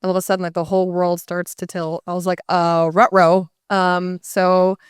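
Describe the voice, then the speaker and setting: A woman telling a story to a live audience in a casual, animated way, often slipping into voices for the people she quotes. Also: fairly low pitch, fairly quick, clean tone, no echo, clean studio sound. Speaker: guest speaker.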